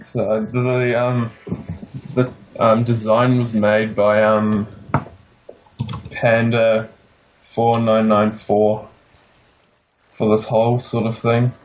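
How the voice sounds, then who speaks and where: A young man with a New Zealand accent giving a casual tour of his game build, pausing often with fillers. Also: on the low side, flat delivery, rough recording. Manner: hesitant, many pauses and fillers.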